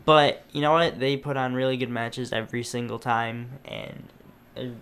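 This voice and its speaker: A man's voice: mid-range voice, level tone, moderate pace, a bit bright, clean tone. A man co-hosting a casual wrestling review show, talking hesitantly with many restarts. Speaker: co-host.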